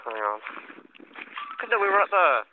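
A man's voice: fairly high pitch, big pitch swings, normal speed. A man joking and teasing as he chats casually with a friend while walking outdoors. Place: outdoors on rural paths. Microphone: handheld recorder. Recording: phone-like sound with clear background noise.

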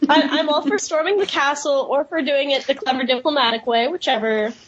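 Female panelist, high bright pitch, playful, dull line with faint hiss. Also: a little fast. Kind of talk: panel discussion.

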